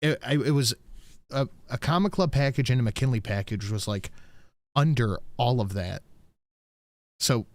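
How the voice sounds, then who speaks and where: Man, mid pitch, laid-back rambling storyteller, sweary, dry close mic. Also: normal speed, pauses often, no room sound. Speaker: podcast host. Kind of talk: casual chat.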